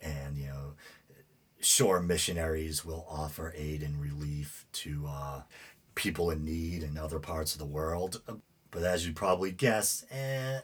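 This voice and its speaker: Male podcast host, very deep and husky, rambling and opinionated, lots of ums. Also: measured pace. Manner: opinionated, rambling with many fillers. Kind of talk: casual monologue commentary.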